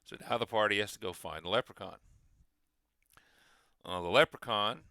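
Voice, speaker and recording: A man's voice: on the low side, normal speed, pushed and bright, no room sound. A man hosting a game master session, explaining how he builds an adventure in a rambling way, with many restarts. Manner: rambling, frequent restarts and fillers.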